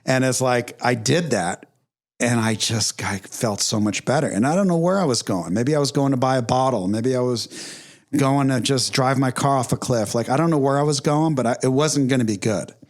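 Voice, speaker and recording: A man's voice: medium pitch, normal speed. Candid middle-aged man telling a story. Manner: candid, emotional storytelling with fillers. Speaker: podcast host. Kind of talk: casual conversation.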